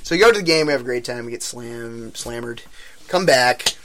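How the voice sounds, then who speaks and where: Over slight background noise, a young adult man speaks fairly quickly in a mid-range voice. He's telling friends a long, foul-mouthed story in an animated way, doing voices for everyone else involved.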